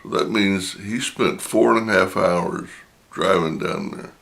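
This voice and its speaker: A middle-aged man, slowly telling a personal anecdote in a casual, drawn-out way. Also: sits low, creaky, a bit bright. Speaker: storyteller.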